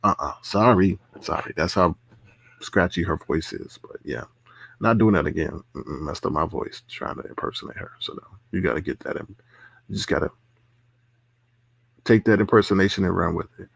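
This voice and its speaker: A man's voice: low-pitched, normal speed, gravelly, a bit bright, slightly rough, no echo. A man hosting a casual livestream, reading chat comments aloud, laughing often and repeating himself. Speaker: livestream host.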